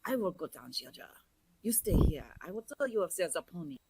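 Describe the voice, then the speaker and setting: A woman's voice: fairly low pitch, very animated, fairly quick, creaky, background noise. A woman playing an eager axe-wielding villager.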